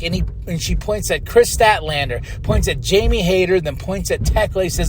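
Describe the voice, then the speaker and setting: Excitable, chatty male wrestling podcaster. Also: high-pitched, a little fast, slight background noise. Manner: excitable, chatty, slips into loud impressions of the wrestlers. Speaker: podcast host. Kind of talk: casual wrestling show recap.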